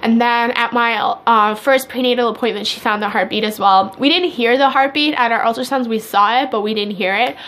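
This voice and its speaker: A woman's voice: on the high side, a little fast, hardly any pauses. Chatty young pregnant woman vlogging. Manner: chatty and animated, laughing through her story. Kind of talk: casual chat to camera.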